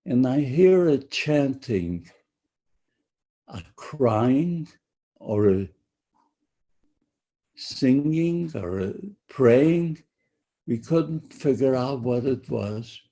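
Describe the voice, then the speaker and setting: An older man speaks slowly in a husky, mellow voice as he gives his testimony to students. He often halts, repeats himself and restarts his phrases. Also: mid-range voice, lively intonation. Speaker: Holocaust survivor speaker.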